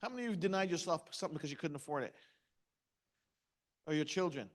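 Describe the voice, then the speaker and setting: A middle-aged man speaking at a motivational seminar. His voice sits a little high, and he talks in short, punchy lines. He keeps asking the audience questions and tells stories to make his point. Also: expressive, fast talker.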